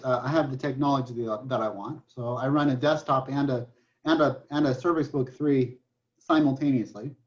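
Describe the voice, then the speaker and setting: A man in his forties teaching a math class online, chatty and joking, telling stories between problems. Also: on the high side. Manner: joking, storytelling, chatty with restarts. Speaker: math professor. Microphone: computer mic on a video call. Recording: dull lo-fi online class audio.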